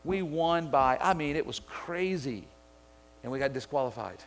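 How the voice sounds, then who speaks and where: A man's voice: fairly high pitch, moderate pace, very noisy. A middle-aged pastor from Mississippi preaching a sermon, telling a story and driving home his point. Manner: storytelling, builds to excited shouting.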